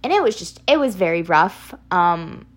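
A woman's voice: lowish voice, big pitch swings, moderate pace. A young woman hosting a casual solo podcast, chatty and rambling, laughing often, with a slight picked-up Southern twang. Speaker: podcast host.

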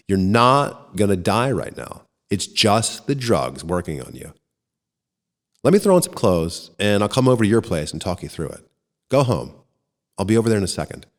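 A steady, white-haired neighbor, read by a man in an audiobook story, slow and measured as he soothes a panicked friend. The voice sits low but moves a lot in pitch. A long reverb hangs behind it. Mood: reassuring. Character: calm, reassuring white-haired male neighbor.

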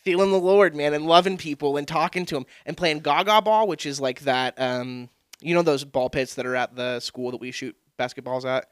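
A young man in casual podcast chat, laid-back, calling people dude and swearing freely, breaking into loud laughs. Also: a little high, fairly quick, smooth, dry recording, studio quality. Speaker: podcast co-host, guest on his church upbringing.

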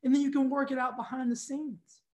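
A fitness studio owner telling viewers a story in a casual, exasperated rant, talking straight to the camera. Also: male voice, very high voice, flat delivery, a little fast, a little mellow.

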